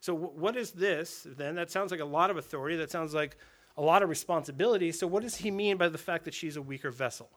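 A pastor, an adult man with a wife and daughter, preaches quickly in a fairly high voice to a men's gathering. His sermon is conversational, full of rhetorical questions and phrases repeated twice.

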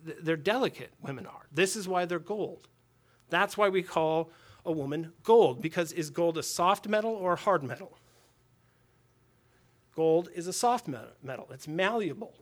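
A man delivers a sermon to a gathering of men in a slightly high voice. He preaches in a casual, talking way, asks rhetorical questions and says key lines twice. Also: expressive, moderate pace. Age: adult with a daughter and wife. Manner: conversational preaching with rhetorical questions and repeated phrases. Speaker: pastor.

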